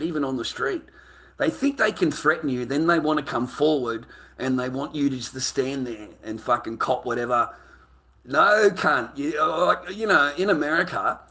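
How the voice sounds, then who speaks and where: An Australian man ranting to camera, profane and heated, with loud outbursts. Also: a little high. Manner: heated, swearing, loud bursts with laughs. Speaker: vlogger.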